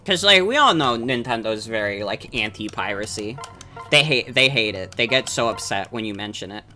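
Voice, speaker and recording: A streamer playing the game and chatting over a voice call, animated and teasing. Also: medium pitch, normal speed, faint music behind. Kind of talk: casual group chat over a voice call.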